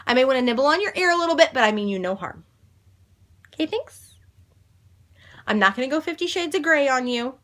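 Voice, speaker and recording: Bright high-voiced bubbly woman vlogger. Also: animated, fairly quick, long pauses. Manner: loud and bubbly, swears playfully. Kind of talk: casual chat to camera.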